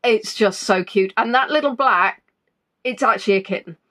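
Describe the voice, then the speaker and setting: A woman's voice: mid-range voice, moderate pace, fairly bright tone. A woman hosting a casual livestream from home, chatting in a rambling, self-deprecating way, still not fully recovered from an illness. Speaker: livestream host. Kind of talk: casual live-stream chat.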